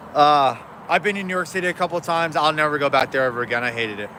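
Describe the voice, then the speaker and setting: A man's voice: on the high side, bright, forceful tone, slight background noise. A man chatting casually on a live stream, rambling and joking and cutting himself off mid-sentence. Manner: rambling, joking, many self-interruptions. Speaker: livestreamer.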